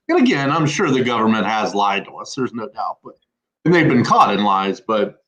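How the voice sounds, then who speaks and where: A man co-hosting a casual podcast, talking in a calm, measured, hedging way. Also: medium pitch, low-quality recording. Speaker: podcast co-host. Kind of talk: casual chat.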